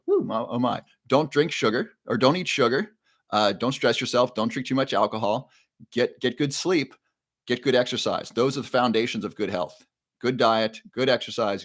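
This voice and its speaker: A man's voice: medium pitch, fairly bright tone, dry recording, studio quality. A man hosting a live stream on health, chatting casually and reading viewers' names and questions from the chat aloud. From Ohio. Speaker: livestream host.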